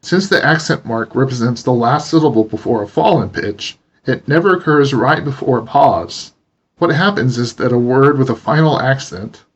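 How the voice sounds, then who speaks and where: A man teaching pronunciation in a steady, explanatory narration. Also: mid-range voice, husky. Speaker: language teacher. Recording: dull lo-fi voice recording.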